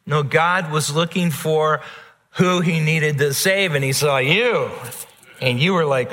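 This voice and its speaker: A male pastor preaching a sermon, earnest and repetitive, dropping soft and then rising emphatic. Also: on the high side, measured pace, in a large hall.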